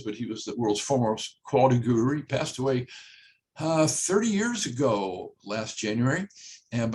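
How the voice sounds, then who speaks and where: Older male presenter, home builder, folksy and plain, mid-range voice. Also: medium pitch. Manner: plain-spoken, repeats key phrases, frequent "uh" fillers. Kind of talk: conversational webinar talk.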